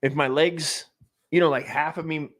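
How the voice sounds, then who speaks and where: A man in his forties from the United States who hosts a comedy stream and talks in a rambling, profane, excitable monologue full of restarts. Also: on the high side, normal speed. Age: 40s.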